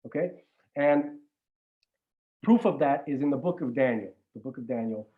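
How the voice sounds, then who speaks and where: A man's voice: medium pitch, lively intonation, normal speed, phone-quality sound. A man chatting casually as a regular podcast guest, rambling with many restarts and some swearing. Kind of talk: casual chat.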